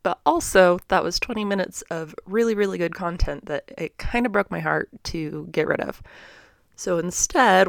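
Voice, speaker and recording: A woman's voice: lowish voice, vocal fry, no room sound, studio quality. A woman hosting a podcast, giving an upbeat, chatty introduction to a bonus episode. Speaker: podcast host.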